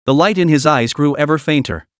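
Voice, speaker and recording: A man reading a story aloud as narrator in an even, steady storytelling manner. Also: a little high, brisk, dry recording, studio quality. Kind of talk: scripted audiobook narration.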